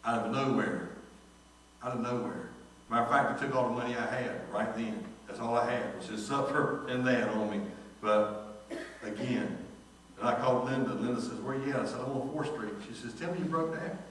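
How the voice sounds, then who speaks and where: A man's voice: medium pitch, fairly even intonation, moderate pace, fairly bright tone, a little hiss or hum. A man, preaching a sermon as pastor and telling a story in which he acts out the dialogue. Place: church sanctuary. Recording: echoey church hall from far off.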